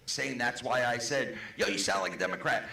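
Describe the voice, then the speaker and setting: A man's voice: mid-range voice, brisk, gravelly, sharp tone. An adult man in a heated podcast debate, talking casually and defensively, swearing as he goes. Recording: echoey room.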